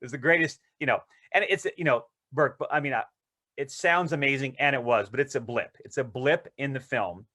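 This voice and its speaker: A male actor, interviewed as a guest, telling rambling, excited anecdotes in casual conversation. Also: mid-range voice, moderate pace.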